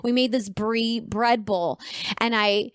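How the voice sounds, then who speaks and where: A woman guest on a chat podcast, telling a personal story with lively quoted voices. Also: on the high side, slow, smooth, no echo, clean studio sound. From Arizona. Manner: animated storyteller, acts out quoted friends.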